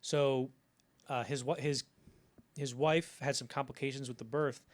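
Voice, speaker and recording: A man co-hosting a film podcast tells anecdotes in a loose, chatty way. He jumps into the quoted voices as he tells them, and his pitch sits in an ordinary middle range. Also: a little slow. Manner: animated storytelling, acts out quoted lines. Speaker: podcast co-host. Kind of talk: casual film history chat.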